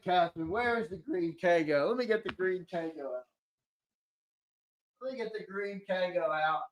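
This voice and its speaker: A man co-hosting a live sports stream, running a giveaway shuffle, reading viewer chat and shouting out winners, swearing casually. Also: high voice, normal speed. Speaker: sports show co-host.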